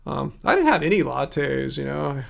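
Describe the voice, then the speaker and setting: A man in his fifties hosts a casual livestream, reading viewer comments aloud. He talks in a chatty, rambling way and thanks people by name. His voice sits high with a gravelly rasp. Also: expressive, a little fast, a bit bright. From California. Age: 50s. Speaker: livestream host.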